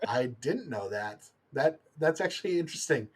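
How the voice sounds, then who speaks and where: A man's voice: medium pitch, animated, normal speed, husky. A young man hosting a loose, casual online chat show. He laughs easily and talks hesitantly, stopping and restarting with plenty of ums. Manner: giggly, hesitant, lots of ums. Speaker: host.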